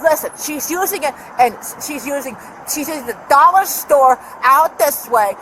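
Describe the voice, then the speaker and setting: Caught on an officer's body camera, a woman sits in her car in a parking lot and argues heatedly with a deputy, agitated and rambling. Her voice is high-pitched and fairly bright, animated at a normal speed. The outdoor bodycam audio is noisy.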